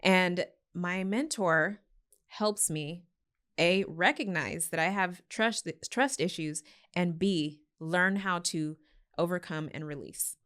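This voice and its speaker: A woman's voice: fairly low pitch, slow, fairly bright tone. A woman hosting a podcast, talking in an earnest, reflective way and often agreeing with her guest. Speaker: podcast host. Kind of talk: casual conversation.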